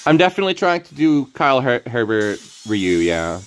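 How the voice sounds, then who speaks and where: A man's voice: medium pitch, very animated, moderate pace, fairly bright tone, faint music behind. A man streaming a card game, rambling through casual commentary, playful and laughing often.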